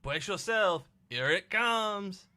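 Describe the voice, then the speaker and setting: A man voicing a flirty female spa attendant, slow, sultry and sing-song. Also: high-pitched, lively intonation, sharp tone, voice pushed up, full character voice.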